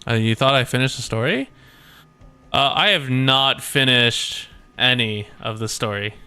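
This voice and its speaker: In a medium-pitched, sharp, clean voice that runs a little slow, a young male VTuber chats loosely on stream while reading a game story. He rambles, gets sidetracked easily, and interrupts himself constantly.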